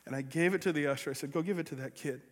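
A pastor telling a personal story in a sermon, acting out the voices of the people in it. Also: male voice, on the high side, very fast. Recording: long reverb of a large hall.

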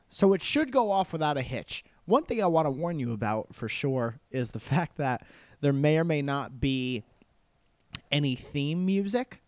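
A man's voice: mid-range voice, no room sound. A man hosting a podcast alone, chatting casually with joking, rambling asides into a handheld recorder. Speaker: podcast host. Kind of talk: casual solo podcast chat. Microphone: handheld portable recorder.

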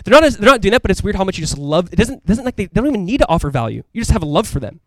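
Male pastor, fairly high voice, rapid, chatty and emphatic sermon delivery, dry sound. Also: very animated, no echo. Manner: casual, conversational preaching with frequent asides.

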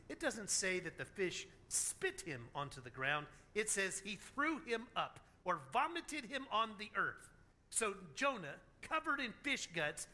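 Animated, joking male preacher. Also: high-pitched. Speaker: pastor. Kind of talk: sermon.

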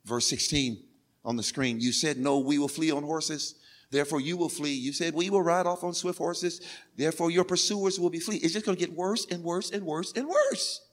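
A male pastor preaching a sermon, repeating phrases insistently and building from quiet talk to crying out. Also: moderate pace. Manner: swings from low and quiet to shouting, crying out.

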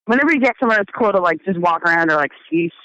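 A woman's voice: fairly low pitch, lively intonation, rapid-fire, pushed and bright, no echo, muffled recording. A woman musician chatting as an interview guest, meandering and hesitant, often trailing off mid-thought. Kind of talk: casual interview chat.

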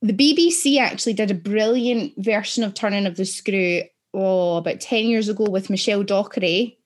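A woman's voice: medium pitch, moderate pace. A woman from Scotland co-hosting a podcast, blunt, opinionated and sweary in casual chat. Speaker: podcast co-host.

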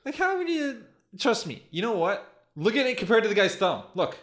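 A man talks on a casual podcast with a slightly raised pitch. He swears constantly and rants with lots of animation. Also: brisk. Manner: heavy swearing, animated ranting. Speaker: podcast co-host. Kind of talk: crude casual podcast chat.

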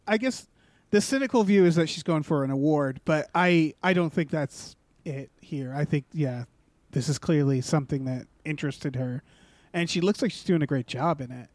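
A man with a fairly high voice hosts a casual movie chat, wry and quick to joke. His voice sounds close and dry, with no room around it. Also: a little mellow, no echo. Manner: wry, joking.

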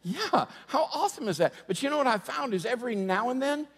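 A middle-aged man preaching a sermon, moving from humorous storytelling to quiet, earnest preaching. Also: extremely high pitch, lively intonation, fairly quick, slightly rough. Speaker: pastor. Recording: long hall reverb.

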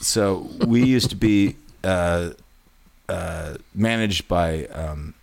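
A man's voice: sits low, very slow, creaky, dry recording. A man hosting a casual podcast, telling rambling, profane stories. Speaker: podcast host.

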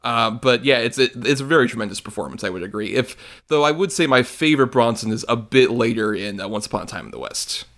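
A man co-hosting a casual film podcast, excitable and loose-tongued, often swearing as he chats. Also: medium pitch, fast talker, few pauses. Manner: excitable, swears freely, acts out movie scenes. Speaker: podcast co-host.

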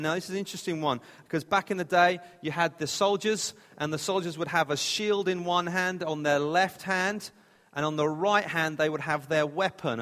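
A man's voice: fairly high pitch, a bit bright. A man preaching a sermon in a plain, conversational way, sometimes restarting his phrases. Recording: reverberant hall.

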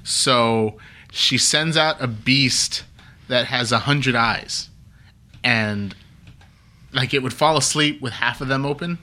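Bright-voiced man chatting eagerly. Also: medium pitch, slow pace, pauses often. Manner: rambling, enthusiastic, many restarts and acted-out quotes. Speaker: podcast co-host. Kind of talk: casual chat about comics and films.

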